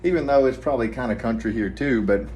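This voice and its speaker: A man with a Southern US accent, talking quietly and rambling in a casual vlog from a hotel room. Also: mid-range voice, quick pace, slight background noise. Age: adult, family man with kids. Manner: rambling, hushed so neighbors won't hear. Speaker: vlogger, trucking trainee.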